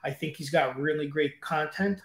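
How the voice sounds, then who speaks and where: Man, interview guest, enthusiastic, rambling, fairly high voice, echoey room, video call. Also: normal speed. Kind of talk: casual interview chat. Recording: roomy echo.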